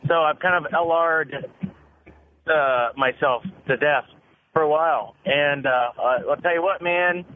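A drunk man calling into a radio show, rambling and halting, with lots of fillers. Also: fairly high pitch. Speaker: caller. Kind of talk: casual phone call to a radio show. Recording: tinny phone line with hiss.

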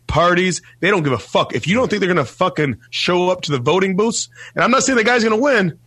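A man hosting a radio show, talking loudly and emphatically in casual, profane chat. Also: high voice, lively intonation, fast talker, breathy edge, no echo. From Toledo, Ohio area. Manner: loud, emphatic, swears constantly.

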